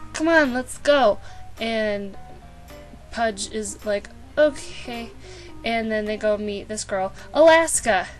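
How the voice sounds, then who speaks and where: A woman's voice: medium pitch, low-quality recording. A woman vlogger giving a casual, sarcastic book summary with playful asides, now and then acting out the characters.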